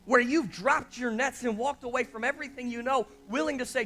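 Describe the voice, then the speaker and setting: High, bright impassioned preacher. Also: male voice, a little fast. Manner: impassioned, calls out to the congregation. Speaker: pastor. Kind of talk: sermon.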